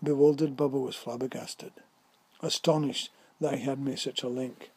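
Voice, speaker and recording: A man narrating a whimsical story in a measured reading voice. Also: mid-range voice, fairly even intonation, a little mellow, husky, no echo.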